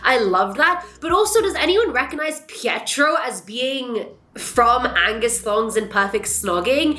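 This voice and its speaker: A young adult woman vlogger chatting casually about films, animated and swearing freely. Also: a little high, a little slow. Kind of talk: casual reaction chat. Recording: echoey room.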